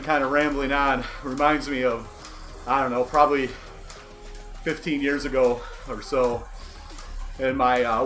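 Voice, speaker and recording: On a livestream from his indoor cycling setup, a man in his 40s talks casually and at length, candid and wry, often at his own expense. His voice is medium-pitched with a fairly bright tone, and faint music plays in the background.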